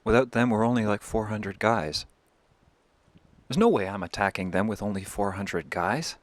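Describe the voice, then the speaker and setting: A man's voice: on the low side, normal speed, no echo, natural voice. A man voicing a practical, unimpressed war leader refusing to attack with too few men. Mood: matter-of-fact. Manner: matter-of-fact, dismissive.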